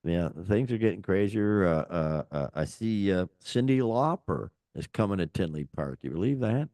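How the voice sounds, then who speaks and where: A man's voice: sits low, expressive, normal speed, dark tone, no echo, studio quality. An older man, co-hosting a casual rock chat show, rambling and joking with many fillers. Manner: rambling, jokey, lots of fillers. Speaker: podcast co-host.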